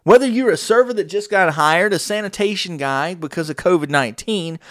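A man tells a story on his podcast. He acts out each voice in it with lively energy. The sound is dry and close, with no room echo. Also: high-pitched, fairly quick. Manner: animated storyteller acting out quoted dialogue. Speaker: podcast host. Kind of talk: storytelling monologue.

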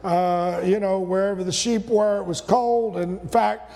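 A man's voice: sits high, level tone, a little slow, vocal fry, mellow. A man preaching a sermon as pastor, folksy and repetitive, rising to emphatic peaks, recorded in a church sanctuary. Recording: long reverb of a church sanctuary.

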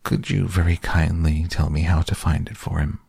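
A man voicing a humble, simple-minded bear who loves honey, speaking softly and dreamily in a deep, gravelly voice. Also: steady tone, moderate pace, no room sound, studio quality, heavily acted. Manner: soft, humble, a bit dreamy.

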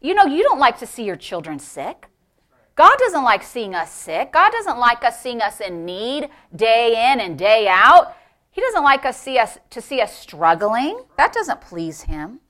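A middle-aged woman pastor preaching a sermon, swinging between loud, emphatic exclamations and hushed, near-whispered storytelling. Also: a little high, very animated, unhurried.

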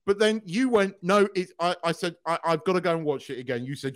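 A man co-hosting a podcast in casual chat, excitable, swearing freely and laughing often. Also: fairly high pitch, fairly quick, no room sound, clean studio sound. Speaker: podcast co-host.

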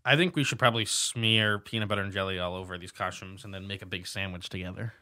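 A young man co-hosting a casual podcast chat, animated and exasperated, who swears freely and stutters. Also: low voice, fast talker, dry recording, clean studio sound. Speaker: podcast co-host.

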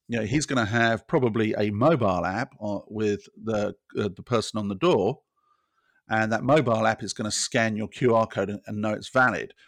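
A man's voice: on the low side, a bit bright, no echo, clean studio sound. A British man talking as a technology guest, explaining scenarios step by step in casual conversation. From Britain. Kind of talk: casual interview chat.

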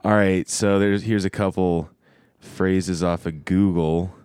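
A man's voice: low voice, fairly even intonation, slow, a little mellow, clean tone, dry recording, clean studio sound. A man from the United States hosting a casual chat, laid-back and teasing as he asks questions.

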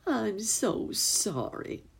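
A woman's voice: medium pitch, sing-song, very slow, vocal fry, husky, pitched above the performer's own voice, full character voice. Woman doing a fretful muskrat housekeeper. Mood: worried. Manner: fretful, apologetic. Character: fussy muskrat lady housekeeper.

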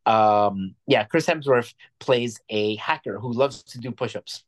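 Brief: male co-host at mid pitch, loose rambling movie-review banter, jokes a lot. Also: measured pace. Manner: rambling, jokey, restarts often. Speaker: podcast co-host. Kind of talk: casual movie review chat.

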